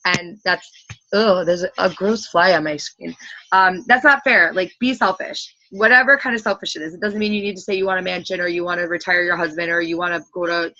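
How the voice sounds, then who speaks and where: A woman's voice: on the low side, brisk, pushed and bright, no echo, lo-fi sound. A woman in her thirties leading a team call, gushing and rambling with lots of "like". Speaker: team leader hosting a group call. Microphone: computer call audio.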